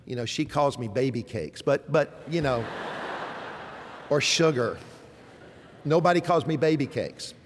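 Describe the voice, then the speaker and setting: A middle-aged man with a Southern American accent preaching a sermon, moving between emphatic exhortation and soft, tender asides. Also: medium pitch, measured pace, long pauses, in a large hall, noisy background. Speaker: pastor.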